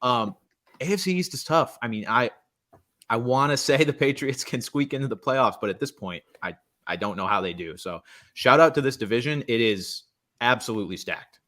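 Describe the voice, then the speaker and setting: A young man co-hosting a podcast from a friend's home, talking sports casually with quick joking asides. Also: medium pitch, lively intonation, pushed and bright. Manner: chatty, quick asides, self-deprecating humor. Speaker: podcast co-host.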